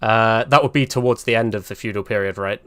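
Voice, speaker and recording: A man's voice: on the low side, fairly quick, a bit bright, smooth, no room sound. A man commentating casually while live-streaming a game, chatty and rambling, laughing often and grumbling about the fight.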